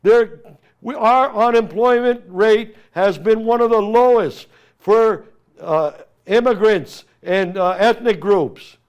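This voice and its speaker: A man's voice: sits high, slow pace, smooth, lo-fi sound. A middle-aged Armenian American man, a congressional candidate hosting a talk show, giving an emphatic, impassioned political monologue and addressing opponents directly.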